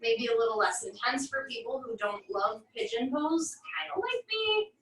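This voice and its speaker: A woman fitness instructor calmly guiding a stretching cool-down, with encouraging cues and wry little asides. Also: fairly high pitch, moderate pace, distant mic. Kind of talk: guided barre cool-down instruction. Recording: echoey room, voice from off-mic.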